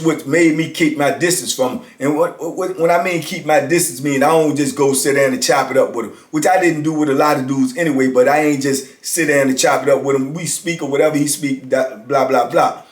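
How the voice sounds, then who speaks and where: A man in his fifties, his voice a little high and a bit fast with fairly even intonation, casually tells a story about prison life. He talks conversationally, often checking in with "you know what I'm saying," in a room with noticeable echo.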